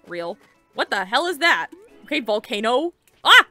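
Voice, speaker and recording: A young woman giving casual, excitable let's-play commentary while playing a game, chatty and swearing casually. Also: a little high, normal speed, no room sound, soft background music. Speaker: gaming video creator.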